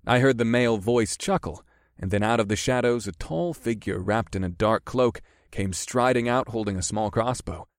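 A man narrating a first-person fantasy audiobook in a steady, measured way. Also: fairly low pitch, dry recording, clean studio sound.

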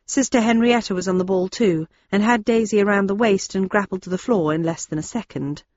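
A woman's voice: mid-range voice, fairly quick, darkish tone, dry recording, dull audio. A woman narrating a novel in the first person, in a dry, wry storytelling manner. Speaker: audiobook narrator.

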